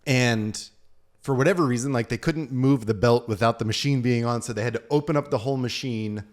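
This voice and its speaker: A middle-aged man hosting a podcast, telling stories in casual chat, swearing often and acting out other people's lines loudly. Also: medium pitch, a little fast. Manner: animated storyteller, swears, acts out quotes loudly. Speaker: podcast host.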